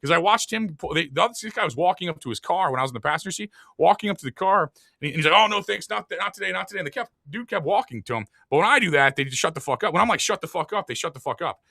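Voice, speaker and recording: A man's voice: a little high, animated, racing, hardly any pauses, sharp tone, dry recording, clean studio sound. A man hosting a podcast in casual, profane chat, rambling with many filler words. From lives in Saint Louis. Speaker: podcast host.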